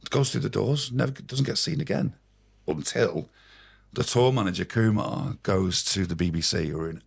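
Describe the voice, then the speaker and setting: A man tells rambling stories as a podcast guest, swearing freely. His voice is very low and gravelly with a husky edge. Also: normal speed. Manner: swearing, rambling, animated anecdotes. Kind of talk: casual storytelling anecdote.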